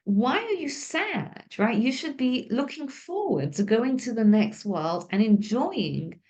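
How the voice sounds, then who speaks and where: A man's voice: extremely high pitch, sing-song, measured pace, a little mellow, lo-fi sound, pitched above the performer's own voice, full character voice. A woman voicing puzzled, devoted male students questioning their teacher in a story.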